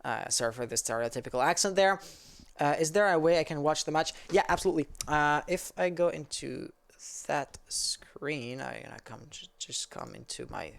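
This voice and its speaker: Here an esports caster from Quebec, Canada, speaks English with the accent of his first language, Quebec French. His voice sits on the high side, with lively intonation, vocal fry and a fairly bright tone, moving a little fast. The talk is a loose, easygoing livestream chat in which he rambles and responds to messages as they come in.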